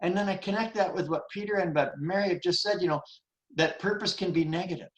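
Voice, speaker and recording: A man in his seventies speaks in a group discussion, earnest and rambling as he circles back through his thoughts. He restarts sentences often, and his voice sits a little high for a man. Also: quick pace, poor audio. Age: 70s. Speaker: forum participant.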